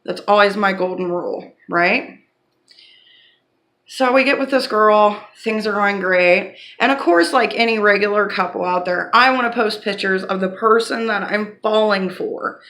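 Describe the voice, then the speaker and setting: A woman's voice: mid-range voice, fairly bright tone. A woman vlogging, telling a personal story to camera in a casual, blunt and candid way, swearing now and then.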